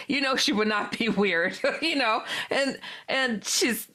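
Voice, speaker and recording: A woman, a paranormal author appearing as a guest, telling a personal story in an animated way and acting out the dialogue. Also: a little high. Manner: acts out dialogue with quick quotes and laughs.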